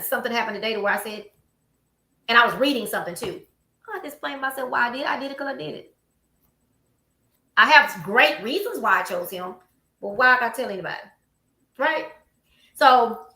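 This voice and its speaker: A woman with a Southern US accent hosting a casual chat, telling stories with animation and acting out what people said. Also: on the high side. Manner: animated storytelling, acts out quotes. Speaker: host. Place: office room. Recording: echoey room.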